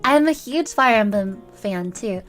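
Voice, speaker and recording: A woman's voice: mid-range voice, animated, moderate pace, fairly bright tone. A young woman streaming as a VTuber, chatting casually with her viewers in a playful, rambling way. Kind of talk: casual livestream chat with viewers. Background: faint background music.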